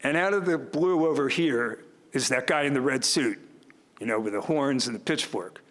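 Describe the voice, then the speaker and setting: A man's voice: mid-range voice, normal speed, fairly bright tone. An older man speaks at a podium in a mid-range voice that sounds ordinary for a man. His commencement speech is folksy and full of self-deprecating humor. The long reverb of a large ceremony hall trails after each phrase.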